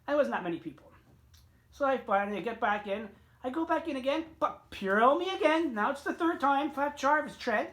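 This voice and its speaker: A man's voice: animated, fairly quick. Man ranting with rambling, profane energy. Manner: rambling, profane, frequent sharp jumps in pitch and loudness. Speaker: vlogger. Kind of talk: casual storytelling rant.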